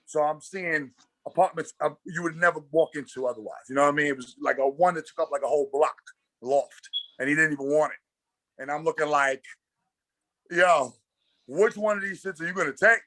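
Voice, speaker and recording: A man's voice: fairly high pitch, a little fast, no room sound. A man from Brooklyn with a New York accent, telling stories as a basketball coach in a casual interview, full of slang and acted-out dialogue. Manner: animated, slangy storyteller acting out dialogue.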